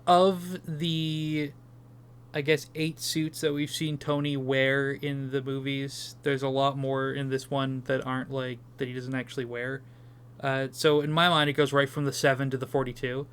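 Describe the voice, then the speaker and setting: A man's voice: mid-range voice, flat delivery, normal speed, fairly bright tone, slight background noise. A young man co-hosting a casual movie review podcast, enthusiastic and swearing casually. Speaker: podcast co-host.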